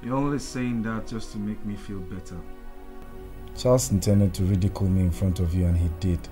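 A humiliated young man, played by an actor, sulky and defeated, with a very low, dark, mellow voice. Faint music lies underneath. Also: fairly even intonation, brisk, lightly acted. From Nigeria. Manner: sulky, dejected. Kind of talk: film drama acting.

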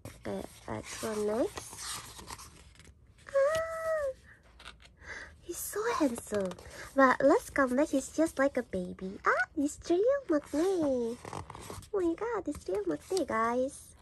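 A young woman talks in a high, unhurried voice, gasping and gushing with delight. She chats casually to her viewers as a vlogger. A faint hiss of noise sits behind her. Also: big pitch swings, vocal fry. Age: young adult. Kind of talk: casual fan unboxing vlog.

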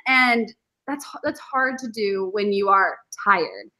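A woman, a guest on a podcast, telling animated stories in casual chat and acting out her past self. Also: mid-range voice, slow pace. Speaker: podcast guest, former reality show contestant.

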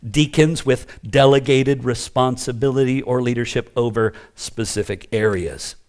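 A man's voice: mid-range voice, normal speed, darkish tone. A man preaching a teaching sermon as pastor, talking emphatically in a conversational way and making asides to the congregation.

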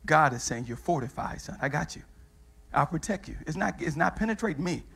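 A man with a Midwestern US accent preaching a sermon with fervor, urging the reader on and rising to shouts. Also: fairly high pitch, expressive, brisk, vocal fry, husky.

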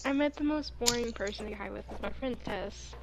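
A woman's voice: fairly high pitch, brisk, heavy background noise. A young woman chatting in a laid-back way while gaming with friends. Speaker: gamer. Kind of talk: casual chat while gaming.

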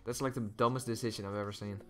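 A young man with a bright, forceful voice talks casually on a live game stream into a close mic. He greets viewers one moment and rants with heavy swearing the next. Soft music plays faintly in the background. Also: lowish voice, fairly even intonation, fast talker. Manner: frustrated, swearing, ranting.

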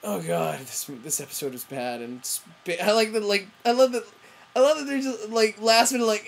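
Speaking fairly quickly in a mid-range voice, a woman rants in her TV review vlog. She's profane and rambling, often breaking off mid-sentence, with frequent self-interruptions and fillers.

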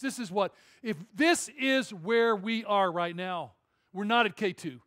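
A male pastor preaching a sermon in a church, telling a story in an animated, conversational way with jokes. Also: high voice, normal speed. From Detroit area. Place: church auditorium.

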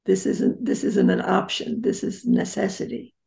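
A woman's voice: medium pitch, fairly even intonation, moderate pace, gravelly, warm tone. An older woman, a psychotherapist guest in an interview, telling personal stories in a reflective and emphatic way. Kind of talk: interview storytelling.

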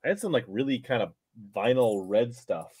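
A man with a mid-range, slightly breathy voice hosts a casual live stream at a moderate pace. He chats in a lively back-and-forth with his guest and reads viewer comments aloud.

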